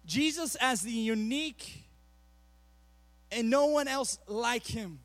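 A man preaching a sermon as a youth pastor, animated, with rapid asides between slow, emphatic phrases. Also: very high-pitched, no room sound. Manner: animated, acts out quotes in a mocking voice.

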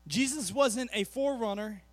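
A man preaching a sermon as a youth pastor, animated, with rapid asides between slow, emphatic phrases. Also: very high voice, no echo. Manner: animated, acts out quotes in a mocking voice.

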